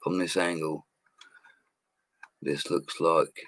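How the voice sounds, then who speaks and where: Speaking from a home studio, this livestream host has a low, somewhat slow voice captured in a dry recording. His chatter is relaxed, upbeat and full of slang, and he laughs frequently while going through viewer comments.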